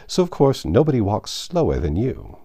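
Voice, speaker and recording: A man voicing a fussy, impatient old king who talks in a peevish, excitable way. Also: fairly low pitch, normal speed, no room sound, studio quality, heavily acted.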